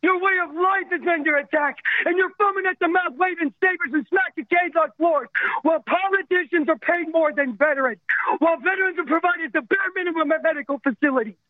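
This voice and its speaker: Over a tinny phone line, a man with a very high voice calls a radio show, speaking briskly with no echo. The army veteran rants with passion, pleading intensely as emotion cracks his voice.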